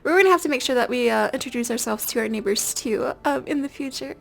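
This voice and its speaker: Hosting a gameplay video, a young woman gives loose, casual let's-play commentary on her life-sim game. She talks fast in a high voice with a gravelly fry, giggling, rambling and leaning on fillers.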